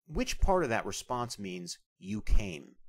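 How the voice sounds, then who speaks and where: A man's voice: on the low side, very animated, slow pace. A man teaching a beginners' language lesson, asking questions and then repeating each answer twice, patiently.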